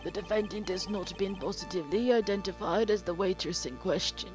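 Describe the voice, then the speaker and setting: A stately, pompous old judge speaks in formal, measured sentences, as a woman acts him out. The pitch sits in her middle range, with soft game music underneath. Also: natural voice. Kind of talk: let's play character voice.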